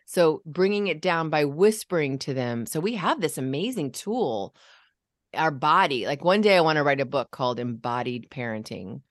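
A woman's voice: low voice, lively intonation, moderate pace, no room sound, studio quality. A woman in casual conversation, coaching parents and demonstrating ways of speaking.

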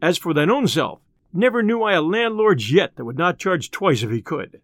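A sly, good-humoured outlaw chief with a lower, softer tone, as a storyteller puts him on. He speaks in old-fashioned phrasing, recorded close and dry. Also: lively intonation, moderate pace, dry recording. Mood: sly, amused. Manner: sly, amused, archaic speech. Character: sly merry male outlaw leader.

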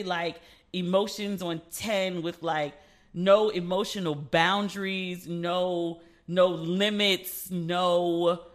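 A woman hosting her own podcast, chatting casually and frankly, swearing freely and acting out back-and-forth conversations as she tells stories. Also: lowish voice. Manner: frank, profane, animated storytelling with quoted back-and-forth. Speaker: podcast host. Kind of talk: casual solo podcast chat.

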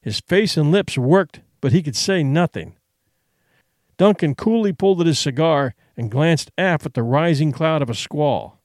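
An audiobook narrator, a man with a fairly high voice, tells a classic adventure story in a measured, expressive storytelling manner. The clean studio sound has no room sound.

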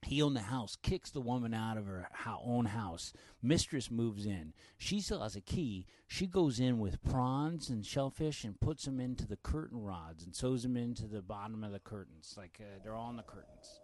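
Comedian guest, lively pitch, profane acted-out quotes, dry close sound. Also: male voice, moderate pace, hardly any pauses, no echo. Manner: animated, profane, acts out quotes loudly. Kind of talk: storytelling podcast chat.

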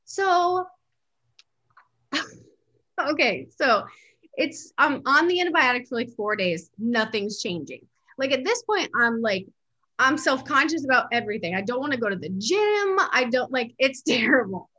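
A woman chatting casually as a co-host, telling an animated personal story, laughing often and acting out what people said. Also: high-pitched, a little slow, muffled recording.

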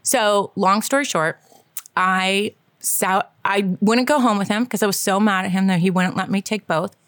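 A woman in her forties co-hosting a podcast, telling a story in a chatty, animated way with frequent laughter. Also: mid-range voice, moderate pace, no room sound, clean studio sound. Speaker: podcast co-host. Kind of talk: casual storytelling chat.

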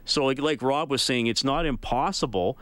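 A man's voice: mid-range voice, normal speed, fairly bright tone, no room sound. A man hosting a sports talk radio call-in show, chatting casually and thinking aloud with frequent restarts.

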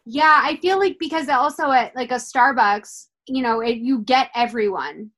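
A woman's voice: high-pitched, moderate pace, a bit bright. A woman in casual conversation, asking rambling, curious questions with many fillers. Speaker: podcast co-host. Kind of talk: casual chat.

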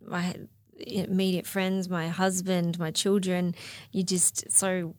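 A woman's voice: fairly low pitch, flat delivery, slow, darkish tone, no echo. Middle-aged woman, reflective casual chat, laughs often, dry close sound. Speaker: podcast guest.

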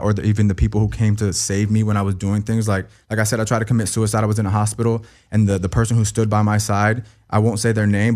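A young man speaks quickly in a fairly low voice, stumbling over his words and repeating himself. His talk is raw and profane, an emotional interview guest. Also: a little mellow.

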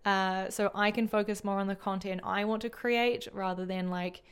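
A woman with a New Zealand accent co-hosts a podcast in easygoing, upbeat chat, leaning on casual fillers. Her voice is smooth and clear. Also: medium pitch, level tone, moderate pace. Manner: upbeat, chatty, many fillers. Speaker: podcast co-host.

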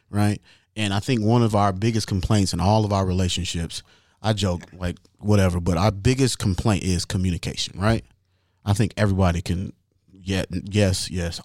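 A man hosting a casual chat, animated and profane, acting out what others say. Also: low voice, no room sound, studio quality. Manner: animated, profane, acts out quotes.

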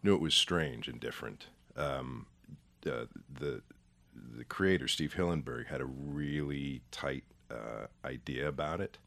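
A middle-aged man with an extremely deep voice and heavy gravel in it. He chats casually as an interview guest, rambling through his anecdotes and poking fun at himself. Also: measured pace, fairly bright tone. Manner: rambling, self-deprecating storyteller.

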